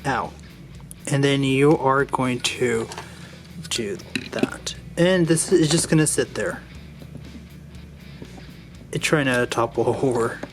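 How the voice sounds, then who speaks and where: A man's voice: medium pitch, slow, pauses often, over music. A man casually walking through a Lego build step by step, drifting off into a rambling personal story and restarting his sentences as he goes.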